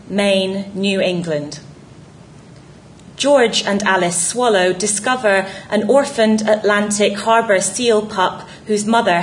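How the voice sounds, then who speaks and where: A woman reading a scripted essay narration in a measured, reflective way. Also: mid-range voice, slight background noise, rough recording.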